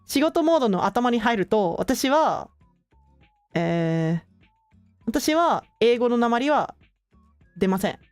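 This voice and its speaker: A young woman streamer chatting casually with her viewers, relaxed and full of filler words, often laughing between thoughts. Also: fairly high pitch, moderate pace, long pauses, dry recording, faint music behind. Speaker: streamer hosting her own channel.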